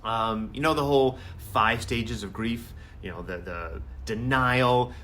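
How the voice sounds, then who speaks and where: A man, a family therapist, hosting a live advice talk in a conversational, animated way. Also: medium pitch, unhurried. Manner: conversational and animated, acts out quotes.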